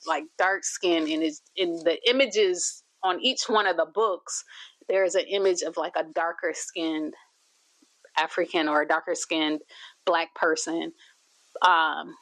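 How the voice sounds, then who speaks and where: A woman's voice: on the low side, fairly bright tone, dry recording. A woman hosting a reaction video, talking casually with lots of fillers and restarts. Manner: chatty, many fillers and restarts. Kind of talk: casual commentary.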